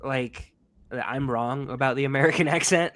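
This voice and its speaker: A man co-hosting a casual podcast chat, relaxed and quick to laugh, swearing casually. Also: mid-range voice. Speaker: podcast co-host.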